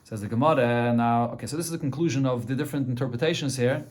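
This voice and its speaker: A man's voice: medium pitch, fast talker. A man teaching a daily Talmud class, translating phrase by phrase and often restarting mid-sentence.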